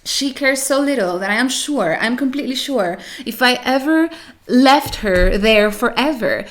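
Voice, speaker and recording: A woman's voice: fairly high pitch, expressive, normal speed. A woman vlogging to camera in casual chat, rambling with self-mocking, dramatic complaints.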